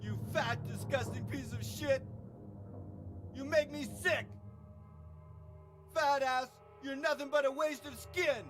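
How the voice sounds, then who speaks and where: A man's voice: very high-pitched, slow, long pauses. An actor playing a bitter, resentful young man turning murderous in a video game cutscene, with a sullen, brooding and menacing delivery. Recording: game cutscene with loud music behind.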